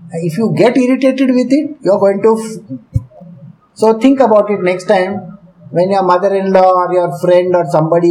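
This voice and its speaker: A man's voice: high voice, dark tone, low-quality recording. A man gives a spiritual discourse, talking to his listeners in a chatty way and often asking them questions. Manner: conversational, often asks the listeners questions, laughs while teaching. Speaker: spiritual teacher.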